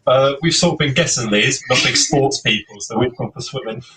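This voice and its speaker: A man's voice: medium pitch, fairly quick, recorded from a distance, background noise. A man answering as a quiz contestant in a modest, casual way.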